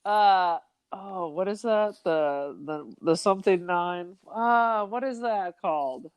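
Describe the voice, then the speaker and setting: A woman's voice: on the low side, slow pace, smooth, no room sound. A woman co-hosting a podcast, chatting casually about a movie with teasing jokes and sarcastic asides. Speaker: podcast co-host.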